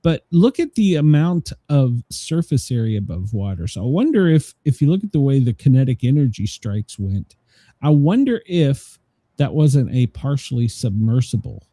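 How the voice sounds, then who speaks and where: Lively, rambling male show host. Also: medium pitch, moderate pace, no room sound. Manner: rambling, many fillers, laughs at own jokes. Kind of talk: casual news commentary chat.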